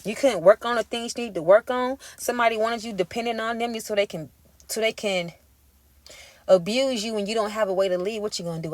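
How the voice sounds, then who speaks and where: A woman's voice: medium pitch, brisk, slight background noise. Profane, fired-up woman tarot reader. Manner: emphatic, profane, street-talking pep talk. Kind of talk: intuitive tarot reading monologue.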